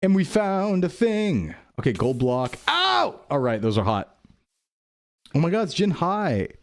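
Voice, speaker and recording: A man's voice: a little high, big pitch swings, measured pace, a little mellow. A young man rambling through casual gameplay commentary, jokey and self-mocking. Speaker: streamer.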